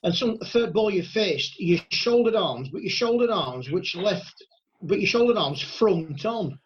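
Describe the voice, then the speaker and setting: A man on a loudspeaker phone, retelling a cricket mishap in a jokey, stammering way. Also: sits high, lively intonation, unhurried, dull audio, slight background noise. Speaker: podcast guest calling in. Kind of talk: casual chat.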